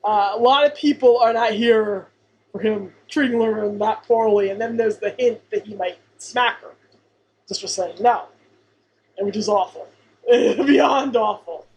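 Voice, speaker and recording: A woman with a somewhat high voice co-hosts a casual podcast. She talks in an emphatic way and often repeats her points for effect. A faint background noise sits under her voice. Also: unhurried, darkish tone, low-quality recording. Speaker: podcast co-host. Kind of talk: casual chat about a sitcom episode.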